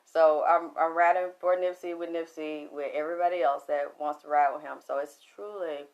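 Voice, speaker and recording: A woman's voice: low-pitched, fairly even intonation, moderate pace, lo-fi sound. A middle-aged woman with a Southern Atlanta accent, chatting casually on a livestream, laughing often and talking back to viewer comments. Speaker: livestream host.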